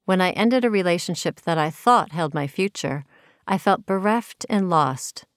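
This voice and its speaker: A woman's voice: fairly low pitch, animated, moderate pace, no echo, clean studio sound. A woman from Minnesota reading her own personal story of faith aloud in an earnest, reflective way. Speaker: narrator.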